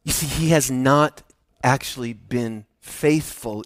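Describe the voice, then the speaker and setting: A male pastor preaching an animated sermon, swinging from hushed tones to loud emphasis as he tells a story. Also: medium pitch, unhurried, no echo, studio quality.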